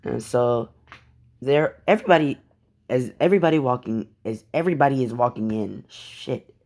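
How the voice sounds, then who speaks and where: A man's voice: mid-range voice, moderate pace, a little mellow. A man casually telling a made-up fan story, rambling and cursing along the way. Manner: rambling, profane, chuckling.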